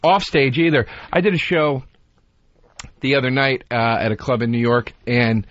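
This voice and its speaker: A man's voice: medium pitch, a bit bright, dry recording, muffled recording. Rambling, swearing comedian man. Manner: rambling anecdotes, swearing, quick to laugh. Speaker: comedian guest. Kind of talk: casual comedic chat.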